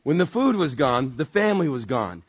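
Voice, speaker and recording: A man's voice: big pitch swings, slightly rough, dry recording, lo-fi sound. A man preaching as a pastor, telling self-deprecating stories and acting out both sides of conversations, from Southern California. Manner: self-deprecating, acts out dialogue with quick pitch jumps. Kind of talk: conversational sermon with storytelling.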